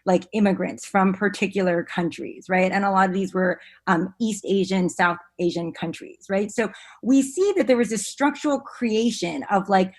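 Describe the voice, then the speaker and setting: A woman's voice: mid-range voice, normal speed. A woman, an education researcher, explaining her work as a podcast guest, earnestly and often checking in with "right?".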